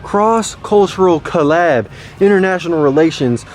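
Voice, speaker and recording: A man giving a joking vlog of his thrift store finds, hyped and goofy, often jumping into high silly voices. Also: lively intonation, normal speed. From Texas. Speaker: vlogger showing thrift finds. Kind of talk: casual joking vlog narration.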